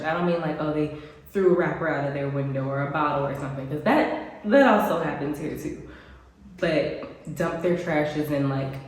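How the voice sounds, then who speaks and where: An American woman vlogging casually to camera, chatty with frequent ums and little laughs, sounding congested. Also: deep voice. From United States. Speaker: expat vlogger. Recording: very echoey room, faint background noise.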